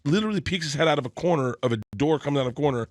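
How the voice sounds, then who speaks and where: A middle-aged man telling a comic story as a guest, excitable and animated, often laughing mid-story. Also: a little high, very fast, no echo, clean studio sound. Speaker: comedian guest.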